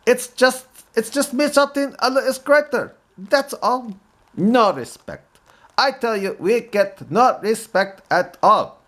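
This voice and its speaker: A man putting on a self-pitying male stand-up comic with a put-on mock Arabic accent, his pitch pushed high and swinging widely through each joke. He delivers punchlines in a stand-up cadence and keeps circling back to the same griping catchphrase. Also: lively intonation, slow, fairly bright tone, exaggerated voice. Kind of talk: comedic stand-up impression.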